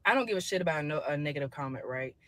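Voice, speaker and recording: A woman's voice: low-pitched, lively intonation, rapid-fire, dry recording. A woman ranting in a selfie phone video, blunt, profane and defiant, talking straight at her viewers. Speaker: social media poster. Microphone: phone with camera filter.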